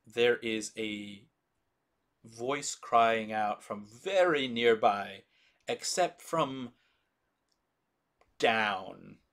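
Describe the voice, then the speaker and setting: A man narrating a tabletop game as game master, describing scenes in slow, descriptive detail. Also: mid-range voice, a bit bright.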